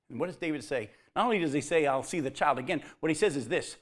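A man giving a conversational sermon who acts out the quotes and drops to a soft voice near the end. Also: fairly high pitch, fast, hardly any pauses. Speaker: preacher.

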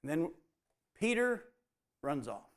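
A man's voice: fairly high pitch, sing-song, slow pace. A man preaching a sermon, telling the story and acting out the quoted lines as dialogue.

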